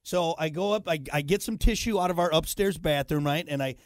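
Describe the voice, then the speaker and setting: A man's voice: fairly high pitch, a little fast, no room sound, clean studio sound. A man in his thirties hosting a morning radio show, telling a self-deprecating story full of fillers. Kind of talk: casual morning show banter. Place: radio studio. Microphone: studio microphone.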